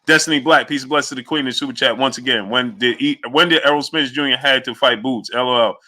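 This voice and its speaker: A fast-talking man with a mid-range voice hosts a boxing livestream, commenting as he reads chat. Animated and energetic, he shouts out viewers by name and hypes the crowd.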